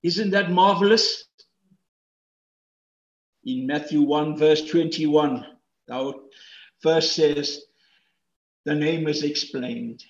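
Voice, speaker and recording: A man preaching a sermon as pastor, swinging between loud emphatic peaks and hushed asides. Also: a little high, extremely slow, pauses often, echoey room, highs cut off.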